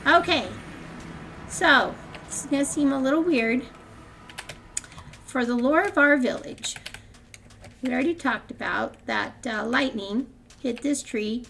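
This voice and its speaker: A woman's voice: on the high side, creaky, fairly bright tone, a little hiss or hum. An older woman hosting a gaming channel, chatting casually through her gameplay with frequent laughs and rambling restarts.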